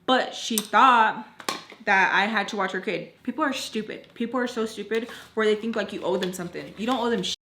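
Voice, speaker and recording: Chatty young woman, bright voice. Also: medium pitch, fairly quick, roomy sound, slight background noise. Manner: animated, swears, lots of "like". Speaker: storytime vlogger. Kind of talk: casual storytime chat.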